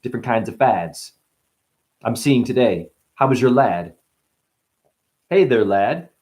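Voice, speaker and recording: A man's voice: medium pitch, lively intonation, measured pace, a little mellow. A man rapping a rambling, boastful freestyle full of puns and profanity. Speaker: freestyle rapper. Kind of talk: freestyle rap.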